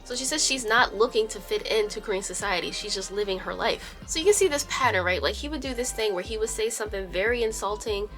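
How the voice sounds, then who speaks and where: A woman's voice: medium pitch, expressive, fast, few pauses, a bit bright, soft background music. A woman hosting a casual storytime video, retelling a viewer's story with blunt, sassy asides and free swearing. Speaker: YouTube storytime host.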